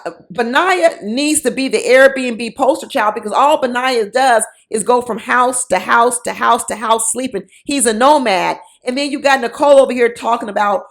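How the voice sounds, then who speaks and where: A woman's voice: a little high, moderate pace, few pauses. A woman giving casual, sassy commentary on a reality show, mocking the people in it with quoted voices.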